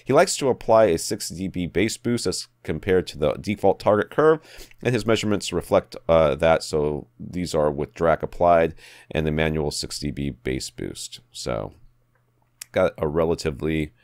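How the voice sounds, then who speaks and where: A man co-hosting a podcast, reading out a listener's room description in a relaxed way. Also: extremely low pitch, normal speed, no room sound, clean studio sound. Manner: relaxed, reads listener letters, laughs often. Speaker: podcast co-host. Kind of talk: casual technical chat.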